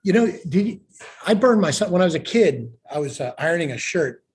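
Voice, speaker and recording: Man at a recovery meeting, slightly high voice, earnest with wry self-deprecation. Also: animated, a little fast. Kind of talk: sharing at a meeting.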